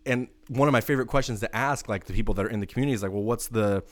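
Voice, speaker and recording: A man hosting a podcast, talking in a relaxed, friendly way with many fillers. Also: on the low side, rapid-fire, no room sound. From northern Idaho, United States. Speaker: podcast host. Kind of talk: casual conversation.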